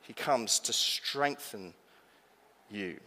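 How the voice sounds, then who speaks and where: A man's voice: on the low side, drawn-out words, bright, forceful tone. Male pastor, emphatic sermon delivery, questioning tone, church hall with long echo. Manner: emphatic, asks the congregation questions.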